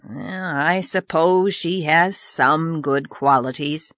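A woman's voice: on the low side, animated, measured pace, a bit bright, dry recording. Woman voicing a growling blunt old farmer man, storybook reading, dry close sound. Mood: grudging. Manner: growling, outspoken, grumbling. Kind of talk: audiobook character voice.

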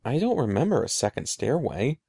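A young older sister with a calm, reassuring way of talking, as read by a man. The voice is mellow and slightly gravelly, with a lively rise and fall. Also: medium pitch, brisk, no room sound, clean studio sound, full character voice. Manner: reassuring, gently teasing. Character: older sister, young girl, teasing but steady.

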